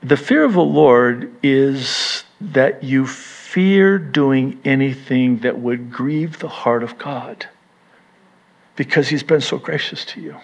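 Slow, emphatic male pastor. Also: medium pitch, gravelly. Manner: emphatic, with bursts of rising intensity and wry humor. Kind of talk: sermon.

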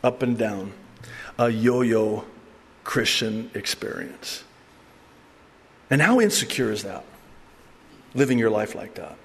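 A middle-aged male pastor giving a conversational, animated sermon with asides and laughter. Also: on the low side, slow pace, pauses often, husky, big-room sound. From raised by an Arab mother.

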